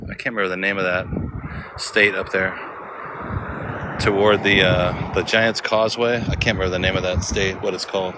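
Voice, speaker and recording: A man's voice: low-pitched, flat delivery, moderate pace, background noise. A man vlogging as he walks through a sunny outdoor cemetery, rambling and thinking aloud, often asking himself questions. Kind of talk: casual walking vlog. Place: outdoor cemetery in full sun.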